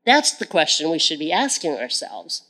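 A woman's voice: low voice, huge pitch swings, moderate pace, pushed and bright, poor audio. A woman giving an earnest sermon as a Bible teacher. She repeats phrases for emphasis and often turns to speak to God directly in prayer.

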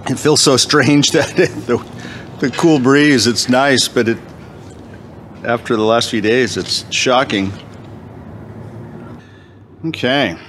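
A man's voice: medium pitch, fairly bright tone, a little hiss or hum. A man leading a men's Bible study, talking casually with lots of fillers, restarts and wry humor, at times while eating. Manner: halting, many fillers and restarts, self-deprecating humor. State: eating, talking with food in his mouth.

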